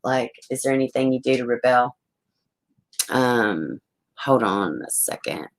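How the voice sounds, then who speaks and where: A woman, chatting on a true crime livestream from home, rambling, excitable and swearing often. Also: extremely low pitch, unhurried, rough recording. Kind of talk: casual livestream chat.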